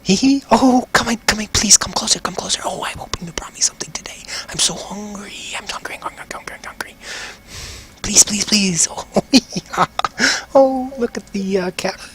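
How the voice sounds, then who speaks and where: A man's voice: high voice, moderate pace, fairly bright tone, pitched above the performer's own voice. A man voicing a greedy, hungry cave creature in a whispered role-play, pleading and repeating his words. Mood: wheedling hungry.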